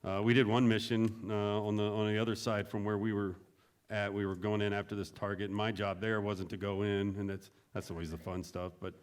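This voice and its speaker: A middle-aged man with a fairly low voice tells war stories in a relaxed, chatty way. He laughs often and lifts his voice high and loud when he quotes other people. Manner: animated, laughing, acts out quotes in a raised voice. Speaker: veteran guest. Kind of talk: casual storytelling.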